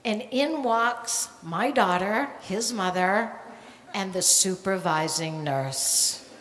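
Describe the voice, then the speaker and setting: A woman's voice: mid-range voice, takes it slowly. Older woman telling a story in an echoing hall. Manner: animated, acts out the voices of people in her story. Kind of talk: live stage storytelling. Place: stage at a live storytelling night in a hall. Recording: echoey hall with long reverb, faint ambience.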